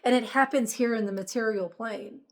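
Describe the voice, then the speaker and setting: A woman's voice: fairly high pitch, moderate pace. A woman giving an emphatic, repetitive spiritual monologue as host of her channel.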